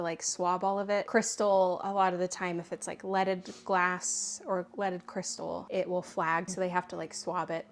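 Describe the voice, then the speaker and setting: A woman antique dealer chatting casually to camera while she unboxes her finds, with frequent laughs and quick asides. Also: lowish voice, a little hiss or hum. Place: home, indoors.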